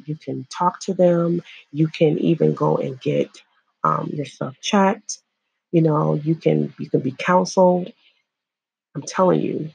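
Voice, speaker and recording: Slow, husky-voiced woman speaking earnestly. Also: deep voice, darkish tone, no room sound. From Illinois, USA. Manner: earnest, halting, repeats herself. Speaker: survivor sharing her story. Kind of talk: personal testimony to viewers.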